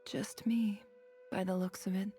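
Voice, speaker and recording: An actress playing a cool, self-assured young desert woman with a gravelly, hushed, mocking delivery. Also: medium pitch, fairly even intonation, measured pace, close to an everyday voice. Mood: cold scorn.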